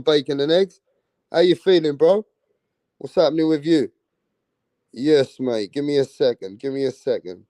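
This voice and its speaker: A man's voice: a little high, darkish tone, dry recording. A young man hosting a live boxing stream, calling out viewers by name in casual street slang. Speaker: boxing livestream host.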